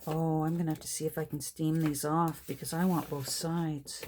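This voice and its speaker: A woman's voice: deep voice, normal speed, slight background noise. An older woman showing off thrift finds in a casual, delighted way, sometimes dropping to whispers. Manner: delighted, often drops to soft whispers and gasps. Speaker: vlogger showing a thrift haul. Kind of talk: casual show-and-tell.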